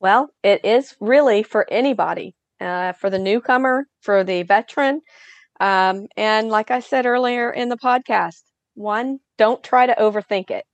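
A woman's voice: mid-range voice, measured pace, dry recording. Dry-humored woman on a lo-fi line. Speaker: event organizer guest. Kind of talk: podcast interview. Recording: dry, dull lo-fi sound.

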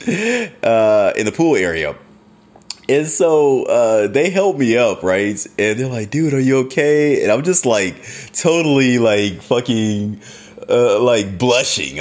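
A man telling a story to his viewers in a casual, animated way, swearing freely and often laughing. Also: mid-range voice.

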